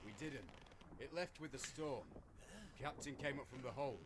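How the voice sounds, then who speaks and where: Dude voicing a steady grim sailor in a video game, calm and low-key, buried in loud noise. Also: male voice, moderate pace, close to an everyday voice. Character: calm male sailor tending a wounded crewmate.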